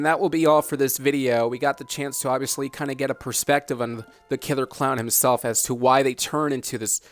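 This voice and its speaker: A man hosting a dramatic commentary vlog, talking emphatically, repeating himself and asking rhetorical questions. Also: medium pitch. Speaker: host.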